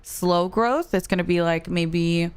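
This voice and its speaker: A young adult woman streaming a game, chatting casually and telling a story in an animated way, with lots of "like.". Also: fairly low pitch, unhurried, clean tone, no echo, faint music behind. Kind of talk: casual chat while gaming.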